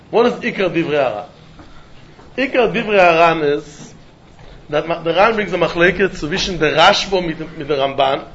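A man with a high-pitched voice leads a Talmud study lecture, reasoning aloud in an animated sing-song that slides between English and Yiddish and Hebrew terms. The recording is dull and lo-fi. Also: slight background noise. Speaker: Talmud teacher.

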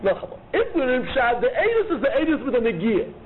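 A man teaching a Talmud lecture, arguing both sides of the case in an animated way and repeating key phrases. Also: extremely high pitch, a little fast. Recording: tinny phone-like line with faint noise.

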